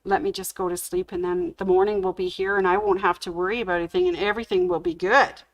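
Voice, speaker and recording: A woman voicing a frightened braggart man who mutters to calm himself down. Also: fairly low pitch, quick pace, close to an everyday voice. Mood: nervous. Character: boastful man, nervous, talking himself calm.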